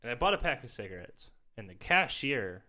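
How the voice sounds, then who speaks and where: A man tells profane stories in a loose, casual chat. His pitch swings widely, and his voice has a bright, forward edge. He drops into put-on voices for the people in his stories. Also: fairly quick. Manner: crude, profane storytelling with animated voices.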